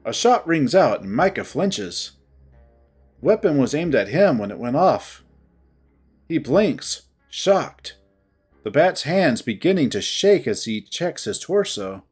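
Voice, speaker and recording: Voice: mid-range voice, big pitch swings, takes it slowly, a little mellow, breathy edge, soft background music. A narrator giving a dramatic first-person reading of a visual novel.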